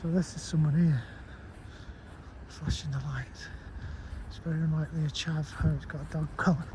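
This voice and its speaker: A man's voice: a little high, flat delivery, moderate pace, dark tone, poor audio. A man rambling and swearing as he vlogs outdoors in a park at night, laughing often. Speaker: paranormal vlogger. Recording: heavy wind noise on mic outdoors.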